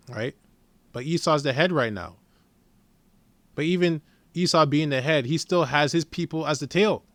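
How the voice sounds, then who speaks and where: A man preaching informally from scripture in a blunt, profane, heated way, reading the verses slowly and deliberately. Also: on the high side, dry recording. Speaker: scripture teacher.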